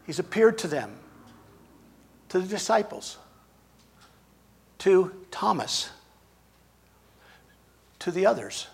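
A man preaching a sermon in a dramatic way, swinging between emphatic lines and hushed ones. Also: high-pitched, very animated, takes it slowly, gravelly, long pauses, husky.

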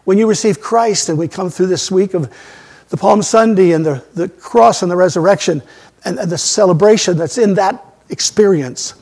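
A man preaching a sermon as a pastor, emphatic, swinging between loud outbursts and quiet asides. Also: high voice, moderate pace, breathy edge. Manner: emphatic preaching with sudden loud rises and soft drops.

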